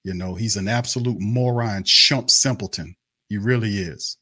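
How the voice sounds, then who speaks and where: A man's voice: fairly low pitch, moderate pace, sharp tone, slightly rough, dry recording, clean studio sound. A man hosting a fan live stream, ranting in a heated, repetitive, cursing and scornful way. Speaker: sports fan show host. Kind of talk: angry live-stream rant.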